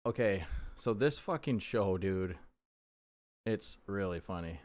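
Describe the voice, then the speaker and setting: Laid-back swearing young streamer. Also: male voice, deep voice, lively intonation, slow, a little mellow, no room sound. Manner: laid-back, swears a lot, laughs along. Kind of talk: casual chat.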